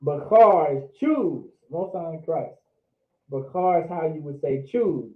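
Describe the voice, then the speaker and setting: A man's voice: fairly high pitch, expressive. Man teaching words over a tinny line. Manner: drawn-out repetition of words, informal. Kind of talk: casual online language lesson. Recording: echoey, tinny phone-like audio.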